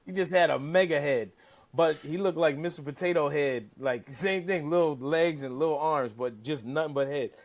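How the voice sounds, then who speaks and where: Male interview guest with a somewhat high voice, telling casual stories with animated, profane delivery. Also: normal speed. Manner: animated, profane, acts out quotes. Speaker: caddie-turned-broadcaster guest. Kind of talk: casual storytelling.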